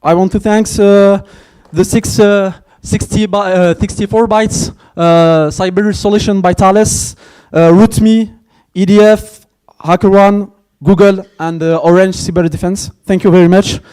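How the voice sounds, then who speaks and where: A man with a French accent, a native French speaker, giving a hesitant opening speech at a conference and thanking sponsors, with many pauses and fillers. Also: sits high, fairly even intonation, a little mellow, clear, resonant tone. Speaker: conference organizer. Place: conference hall.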